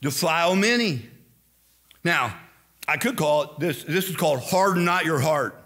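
A man's voice: a little high, normal speed. Emphatic preaching man, slight Southern twang. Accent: slight Southern-sounding American. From Indiana, USA. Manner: emphatic, animated preaching with quoted asides. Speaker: pastor. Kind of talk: sermon.

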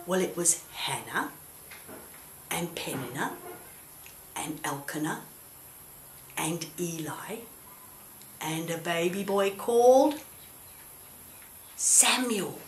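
A woman tells a children's Bible story with gentle, coaxing questions for her puppet. She speaks slowly, with a lively, rising and falling voice. The recording has a roomy echo. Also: lowish voice, slight background noise.

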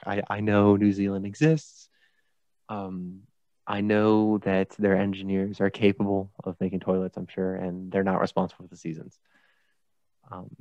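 A man's voice: low voice, a little mellow, no room sound. A male podcast host chatting casually, joking and laughing as he rambles. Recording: dull lo-fi dry podcast mic.

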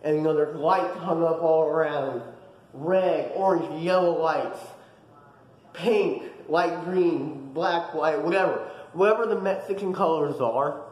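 A young man vlogging, telling a dream story in a casual, animated way with lots of fillers. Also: a little high, reverberant, dull audio. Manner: animated, dramatic retelling with many fillers.

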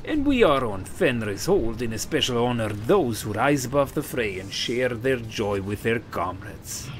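Man putting on a gruff Scottish wolf-clan warrior. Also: medium pitch, big pitch swings, measured pace, slight background noise. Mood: proud. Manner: declaiming in a rough put-on brogue. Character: grizzled male warrior of a wolf clan, proud and solemn. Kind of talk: reading game dialogue aloud.

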